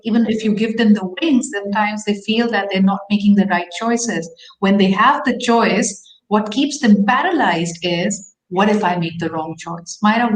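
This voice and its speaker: A woman moderating a panel, praising answers and asking guests questions. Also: mid-range voice. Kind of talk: live panel discussion. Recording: roomy echo.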